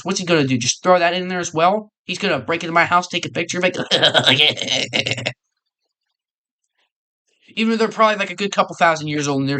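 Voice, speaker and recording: A streamer reacting live to a video, talking casually in an excitable, rambling way with frequent laughs. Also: medium pitch.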